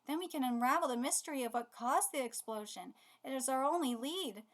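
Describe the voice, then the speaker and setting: A woman reading aloud as an official giving a formal mission briefing in a steady tone. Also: high voice, a little fast.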